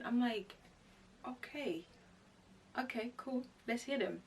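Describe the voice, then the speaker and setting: Young adult woman, relaxed vlogger telling a story to camera, recorded from slightly back. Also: on the high side, unhurried, slight background noise. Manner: chatty, animated retelling with quoted asides. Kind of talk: casual storytime chat. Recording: voice a bit far from the mic.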